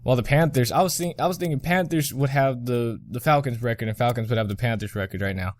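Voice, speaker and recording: A man's voice: medium pitch, quick pace, no echo, studio quality. A young man hosting a casual sports podcast, rambling through scores, correcting himself and chuckling often. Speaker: podcast host.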